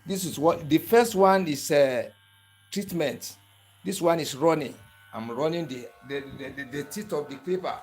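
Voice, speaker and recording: A man with a slightly raised pitch walks the viewer through a practical demonstration. He repeats each step several times. He keeps asking whether they can see it. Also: moderate pace, slight background noise. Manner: repetitive step-by-step instructions, keeps checking the viewer follows. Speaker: barber tool instructor. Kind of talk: hands-on tutorial demonstration.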